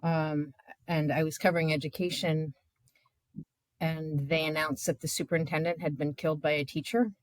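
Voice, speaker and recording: A woman journalist in her fifties recounts her experiences in a candid, conversational way, animated and emotional and full of filler words. Her voice sits on the low side for a woman, and the recording is dry, with no room sound. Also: moderate pace, dry recording. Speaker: journalist guest.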